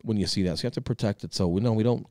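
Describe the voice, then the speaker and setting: Male podcast co-host, 30s, rapid and energetic, cusses for emphasis, deep voice. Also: dry recording, studio quality. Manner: energetic, emphatic, swears freely. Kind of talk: casual podcast chat.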